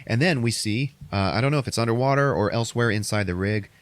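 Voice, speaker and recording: A man hosting a podcast, recapping a movie in casual chat, swearing often and acting out quotes in an animated way. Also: medium pitch, quick pace, no room sound. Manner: profane, animated retelling with put-on quotes. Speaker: podcast host.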